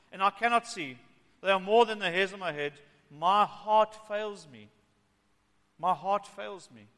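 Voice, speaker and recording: A man preaching a sermon as pastor at a church meeting, swinging from soft and hushed to loud and emphatic. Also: sits high, long reverb tail.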